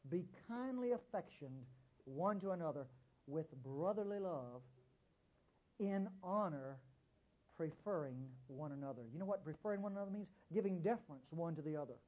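A man delivers a sermon in a husky voice. His pitch swings widely, leaping up and dropping low as he presses his points and keeps urging listeners to hear him. The recording sounds dull and lo-fi. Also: animated, moderate pace. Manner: emphatic, repeats "listen to me", sudden jumps in pitch and volume. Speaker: preacher.

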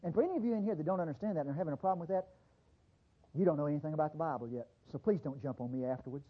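A man's voice: a little high, rapid-fire, husky. Fervent male preacher on a dull lo-fi recording. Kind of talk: sermon.

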